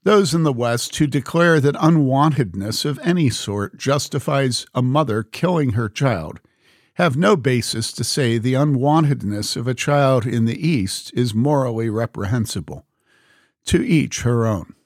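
A man reading a book aloud in a measured, earnest way, speaking the quote marks as he goes. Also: medium pitch, lively intonation, no room sound, studio quality. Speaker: reader.

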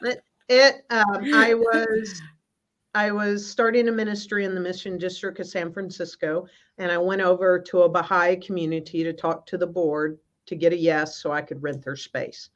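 A woman guest minister telling a personal spiritual story on a video call, in an earnest, halting way with many restarts. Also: on the low side, little pitch movement. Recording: slightly muffled.

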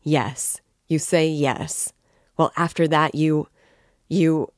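An excitable, tipsy young man rants and gushes, as a woman reads him aloud. He speaks slowly and deliberately, and the sound is close and dry, with no room around it. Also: low voice, no room sound. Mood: impassioned. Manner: impassioned, ranting.

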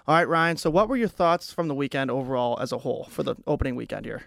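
A young man hosts a casual sports podcast, chatting with a co-host and thinking aloud with frequent fillers and restarts. He talks fast in a mid-range, creaky, fairly bright voice, with no room sound.

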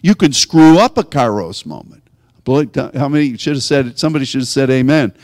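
A man's voice: mid-range voice, animated, fairly quick, darkish tone, studio quality. Preaching man in a reverberant hall. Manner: conversational preaching, rising to emphatic exhortation. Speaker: pastor. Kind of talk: sermon.

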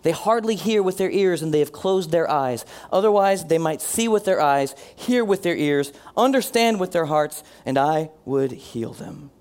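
A male pastor delivers a sermon in an earnest preaching voice that sits a little higher than most men's. He leans into key phrases by slowing down and letting his voice fall quiet, then calls on the congregation to repeat lines back to him. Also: animated, clean tone. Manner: earnest preaching, slows and drops his voice for emphasis; leads the congregation in call-and-response.

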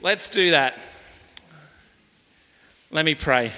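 A man's voice: a little high, a little slow, sharp tone, big-room sound. A man preaching as pastor, reading scripture and leading his congregation in earnest call and response. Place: church hall.

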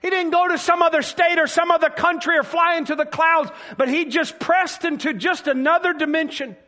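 A man preaching a sermon in an emphatic, fervent way, at times breaking into shouts. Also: very high voice, fairly even intonation, a little fast.

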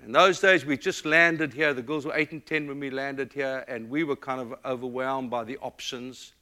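Passionate preacher man, bright ringing voice. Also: mid-range voice, fairly even intonation, moderate pace. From Africa. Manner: dynamic preaching, swings from loud emphatic to hushed and tender. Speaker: pastor. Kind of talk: sermon.

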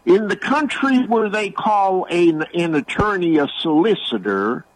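A man who calls in regularly to a sports radio show, talking slowly and rambling with hesitations. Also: high voice, lively intonation, poor audio. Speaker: regular caller. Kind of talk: casual sports talk.

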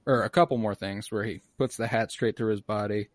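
A man in casual chat, recapping a TV episode with swearing and animated quoted voices. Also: on the low side, brisk, no room sound.

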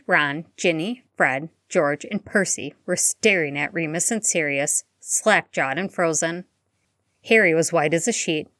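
A woman reading a fan-fiction story aloud in a steady, even storytelling manner. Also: lowish voice, no echo, studio quality. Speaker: audiobook reader.

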